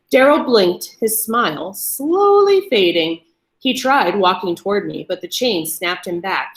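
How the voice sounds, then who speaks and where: A woman reading a first-person story aloud to an audience in a calm, measured way. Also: mid-range voice. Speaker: story reader. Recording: roomy echo.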